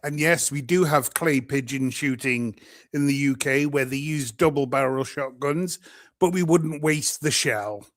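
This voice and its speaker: A man's voice: medium pitch, a little slow, fairly bright tone. A British man hosting a livestream, ranting in an angry, profane, exasperated way. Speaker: livestream host. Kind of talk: profane live-stream rant.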